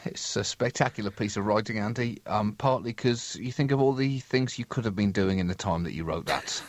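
A man's voice: fairly low pitch, fairly quick, no room sound. A man co-hosting a comedy podcast, bantering in a wry, mock-grandiose way. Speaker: podcast co-host. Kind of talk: comic banter.

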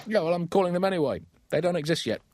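A man's voice: high voice, lively intonation, very fast, a little mellow, no room sound, pitched above the performer's own voice. Comic bit: man doing a grumpy, pig-shooting farmer who won't back down, raised voice. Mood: defiant. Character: stubborn, grumpy male farmer.

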